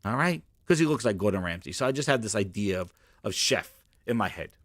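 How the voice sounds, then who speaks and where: A man hosting a gaming talk show, ranting loudly and profanely and acting out little scenes in his own voice. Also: fairly low pitch, lively intonation, brisk, no echo, clean studio sound. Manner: loud, ranting, profane, acts out bits. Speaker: host. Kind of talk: animated solo gaming commentary.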